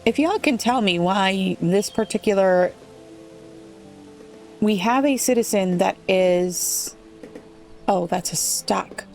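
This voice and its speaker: Slow, gravelly-voiced woman gaming. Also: medium pitch, a little mellow, soft background music. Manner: thinks aloud, muttering and puzzling over the game. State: slightly rough voice. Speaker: let's play gamer. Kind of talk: relaxed gameplay commentary.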